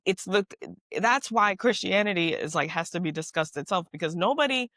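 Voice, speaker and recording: A woman co-hosting a podcast in casual chat. She talks in animated, exasperated rants with emphatic outbursts. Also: lowish voice, normal speed, no echo. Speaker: podcast co-host.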